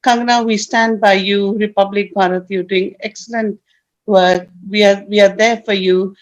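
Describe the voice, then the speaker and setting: A woman from London speaking earnestly and haltingly at an online rally as a group representative. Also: mid-range voice, fairly even intonation. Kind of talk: impassioned public statement. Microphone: video call. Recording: muffled video-call audio.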